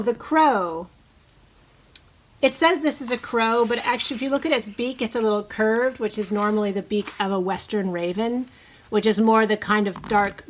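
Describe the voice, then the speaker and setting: Slow, encouraging woman teacher reading aloud. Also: mid-range voice, a little hiss or hum. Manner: slow, encouraging, leads bird-call imitations. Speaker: preschool teacher. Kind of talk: reading a picture book aloud to children.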